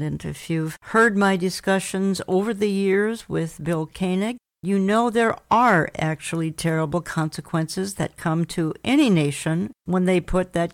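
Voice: medium pitch, dry recording. Earnest talk-radio host, dry studio sound. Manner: earnest, measured, reads aloud from reports. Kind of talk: talk radio commentary and reading news reports.

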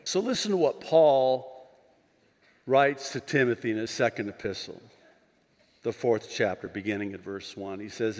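A male pastor preaching a conference sermon, moving from quiet asides to impassioned shouting with joking digressions. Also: mid-range voice, moderate pace. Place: large conference hall. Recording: long hall reverb from a live conference.

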